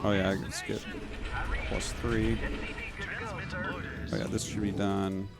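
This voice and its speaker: A man's voice: fairly low pitch, level tone, slow, loud music behind the voice. A man being coached through a game, chatting casually, laughing easily, swearing freely and poking fun at himself. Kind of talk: casual gameplay chat.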